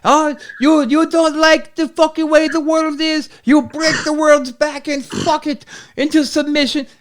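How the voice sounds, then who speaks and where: A man doing a high, loud impression of a profane aging male wrestler who speaks broken English. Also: level tone, a little slow. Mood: threatening. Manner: loud, cursing, broken grammar.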